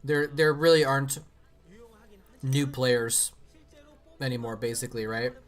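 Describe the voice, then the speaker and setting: A man's voice: mid-range voice, steady tone, a little slow. Rambling man, casual stream commentary. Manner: rambling, with many fillers and restarts. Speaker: streamer watching and commenting on old game matches.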